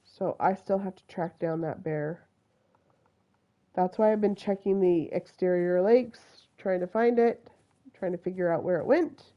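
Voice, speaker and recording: A woman's voice: lowish voice, measured pace, dull audio. A woman from Utah with a Utah accent, chatting through live gameplay commentary and talking to the animals on screen. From Utah, USA. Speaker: game streamer.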